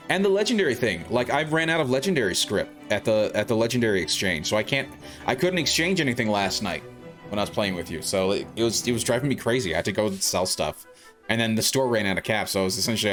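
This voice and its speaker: A man with a fairly low, slightly bright voice streams a video game and chats casually with viewers. His gaming commentary rambles, packed with fillers and restarts.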